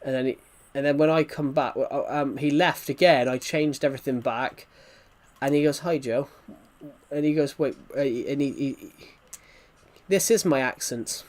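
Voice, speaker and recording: A man's voice: mid-range voice, fairly even intonation, a little fast, a little mellow. A man, a gaming streamer, telling a story in casual chat with rambling restarts.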